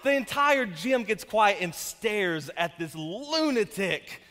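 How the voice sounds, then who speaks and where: A pastor in his thirties with a strikingly high voice preaches to his congregation. He tells stories with humor and bursts into loud, fervent shouts. The long reverb of the church hall trails behind him. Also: takes it slowly. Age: 30s. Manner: energetic storytelling with jokes, rising to shouts. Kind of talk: sermon. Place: church sanctuary.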